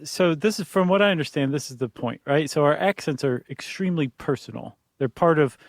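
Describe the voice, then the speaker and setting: A man co-hosting a podcast in casual chat, relaxed and joking, thinking aloud with fillers. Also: on the high side, brisk, dry recording. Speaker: podcast co-host.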